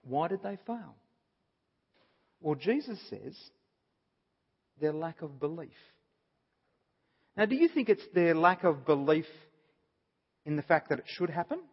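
A man speaking in a slightly raised, breathy voice walks his listeners through a Bible passage. He is earnest and drives points home by restating them. The recording is dull and muffled, and his voice trails off into a long hall reverb. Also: a little high, big pitch swings, unhurried, pauses often. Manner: earnest, explaining with repeated emphasis. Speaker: Bible teacher. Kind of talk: Bible study talk.

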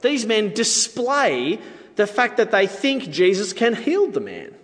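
A man delivers a sermon in a relaxed, chatty way, with playful asides to his listeners. His voice sits a little high and swings widely in pitch. The sound carries a long hall reverb. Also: slow. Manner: conversational, playful asides to the audience. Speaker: preacher.

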